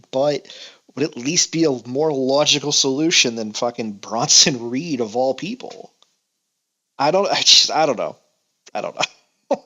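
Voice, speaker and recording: A man co-hosts a relaxed podcast chat in a somewhat high voice. His pitch jumps around a lot as he acts out quotes in voices. He comes across as animated and talkative. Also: lo-fi sound. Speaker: podcast co-host. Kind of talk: casual wrestling chat.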